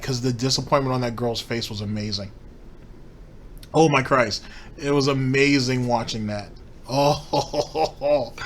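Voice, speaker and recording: A man's voice: medium pitch, a bit bright, slight background noise. A man hosting a commentary show, ranting in a profane, mocking way. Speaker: commentary host.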